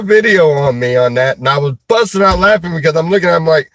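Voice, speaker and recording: A man's voice: fairly high pitch, fairly bright tone, no echo. Male livestreamer, casual and rambling, hesitant with lots of fillers, dry close sound. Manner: halting, many restarts and fillers; chuckles while reading comments. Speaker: livestreamer reading chat. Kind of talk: casual live chat.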